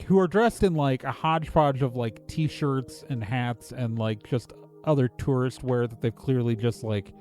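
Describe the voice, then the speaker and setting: A man narrating as game master in a relaxed, rambling way with plenty of fillers. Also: medium pitch.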